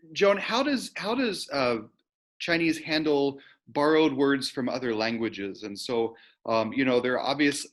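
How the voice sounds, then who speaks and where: A man moderating a question-and-answer session over a video call, asking enthusiastic, halting questions. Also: mid-range voice, a bit bright. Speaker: program moderator.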